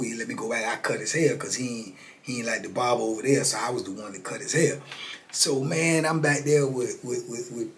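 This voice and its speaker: A man in his fifties telling a story as an interview guest in casual, slangy talk. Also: medium pitch. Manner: animated, slangy, acts out dialogue.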